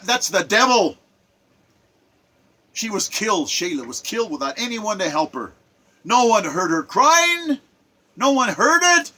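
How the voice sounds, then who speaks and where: A man with a high, bright, forceful voice delivers an emotional monologue. He preaches and repeats himself, rising to loud outbursts and then sinking to hushed, heavy lines. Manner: emotional, preachy, repetitive, with sudden swells and drops. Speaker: online commentator. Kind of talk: impassioned spoken monologue.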